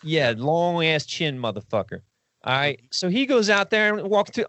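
A man holds forth on a podcast in a loose, rambling way, swearing often and breaking into quick impressions. His voice sits somewhat high, and the recording is close and dry with almost no room sound. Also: dry recording. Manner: rambling, profane, animated with impressions. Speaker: podcast guest. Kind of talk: casual podcast discussion.

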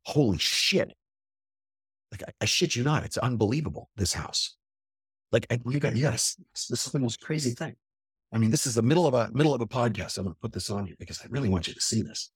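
A man hosting a podcast in a casual monologue to his camera, blunt and profane, animated and emphatic. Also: mid-range voice, fast talker, slightly rough, no room sound, studio quality. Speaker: podcast host. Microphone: computer camera at a desk.

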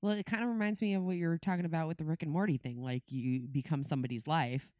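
A woman's voice: deep voice, fast talker, darkish tone, no room sound. A woman co-hosting a podcast in casual chat, laughing often and swearing freely. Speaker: podcast co-host.

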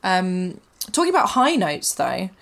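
A woman's voice: fairly low pitch, unhurried, creaky. Chatty woman podcast host. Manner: chatty, lots of backchannel, expressive asides. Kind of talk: casual film chat.

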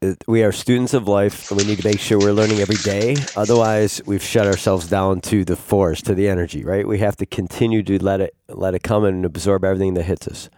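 A man's voice: on the low side, fairly even intonation, brisk, hardly any pauses, mellow, a little hiss or hum. A man hosting a podcast, talking in a reflective and encouraging way. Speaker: podcast host. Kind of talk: casual conversational chat.

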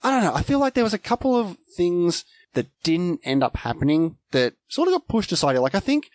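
A man's voice: high voice, very animated, brisk, a little mellow, dry recording. A man co-hosting a podcast, chatting casually about a film with hesitant restarts. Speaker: podcast co-host. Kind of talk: casual film review chat.

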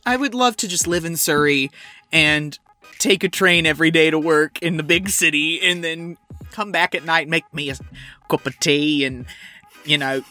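A woman's voice: deep voice, normal speed, bright, forceful tone, faint music behind. Playful laughing woman co-host. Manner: playful, laughing, breaks into impressions. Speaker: podcast co-host. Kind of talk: casual chat.

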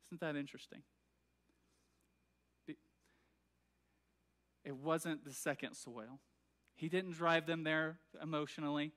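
A man's voice: fairly high pitch, sharp tone. A man preaching a sermon in a church, talking in a conversational way with many fillers and restarts and often checking that the congregation follows. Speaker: pastor. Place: church sanctuary.

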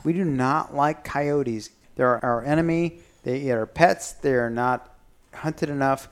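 A man's voice: mid-range voice, a little slow, clear, resonant tone. Teasing man in casual chat. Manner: teasing, rambling storyteller.

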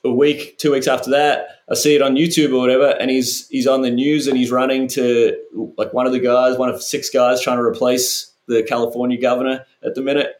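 An Australian man chats in a relaxed, meandering way, filling his sentences with "uh" and "like." His voice sits at a middle pitch. The room around him echoes noticeably. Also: brisk. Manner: laid-back, rambling with fillers. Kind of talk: casual chat.

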